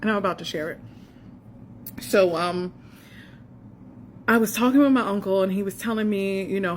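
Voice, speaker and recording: A woman's voice: mid-range voice, normal speed, long pauses, slight background noise. A woman in her forties, a faith coach, sharing an earnest and emotional personal testimony and speaking straight to the listener. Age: 40s.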